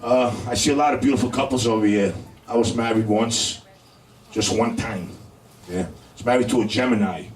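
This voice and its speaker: Far from the mic in a noisy, echoey club, a middle-aged comic from Brooklyn rambles through his stand-up set, peppering it with "you know." His New York-accented voice is medium-pitched and a little fast.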